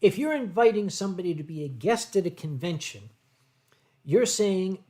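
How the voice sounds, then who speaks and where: An older American man hosting a livestream, answering viewer chat in a rambling way with deadpan humor. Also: high voice, moderate pace. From United States. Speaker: livestream host.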